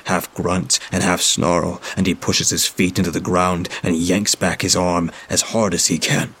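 A man narrating a horror story in a grim, steady first-person reading. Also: deep voice, breathy edge.

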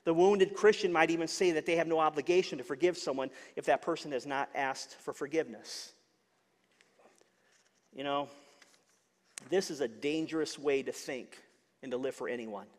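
Male pastor, higher voice, earnest sermon delivery with stumbles and repeats, long hall reverb. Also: normal speed, pauses often. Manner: earnest, repeats words when searching for them.

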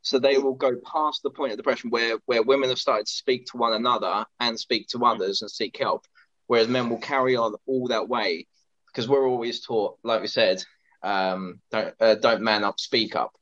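A man's voice: mid-range voice, steady tone, moderate pace, a bit bright, muffled recording. A man, co-hosting a podcast in casual, earnest chat that rambles with restarts. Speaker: podcast co-host.

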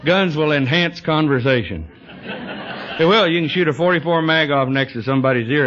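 A man's voice: a little high, lively intonation, a little fast, a bit bright, soft background music, some chatter behind. A man, telling humorous stories to a meeting audience in a dry, drawling way, often adding "you know.". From Texas. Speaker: recovery speaker. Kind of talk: storytelling talk to an audience. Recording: dull lo-fi 1980s tape recording.

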